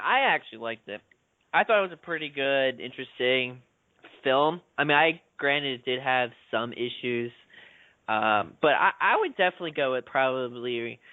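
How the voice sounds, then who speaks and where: A man's voice: mid-range voice, no room sound. A man in a casual podcast chat, speaking hesitantly and repeating words as he gathers his thoughts. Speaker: podcast panelist. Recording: tinny phone-like audio, dry.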